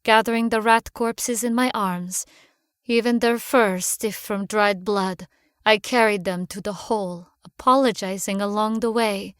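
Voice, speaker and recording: A woman reading a first-person horror story aloud in a measured, hushed manner. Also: medium pitch, steady tone, clean tone, no room sound, studio quality. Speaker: narrator. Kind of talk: scripted horror narration.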